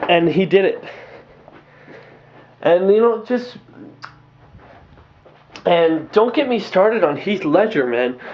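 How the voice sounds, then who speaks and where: Excitable rambling young guy, lo-fi audio. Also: sits high. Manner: rambling, excitable, lots of fillers and restarts. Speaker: movie reviewer. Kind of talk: casual spoken movie review. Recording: dull lo-fi home recording.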